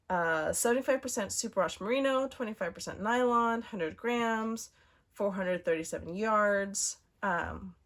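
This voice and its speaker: Bubbly, chatty woman knitting vlogger. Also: medium pitch. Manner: chatty and bubbly, many fillers and asides. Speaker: knitting podcast host. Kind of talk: casual show-and-tell chat.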